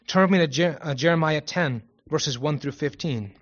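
A man's voice: a little high, moderate pace, hardly any pauses. A man preaching a Bible study sermon, reading King James scripture aloud and then commenting in a conversational way, stopping now and then to correct himself. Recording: muffled lo-fi recording.

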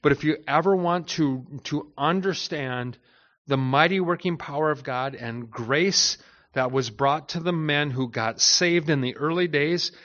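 A man's voice: fairly high pitch, a little slow, fairly bright tone, lo-fi sound. A man teaching a Bible study as a pastor, talking in a conversational way with frequent restarts and repeated words.

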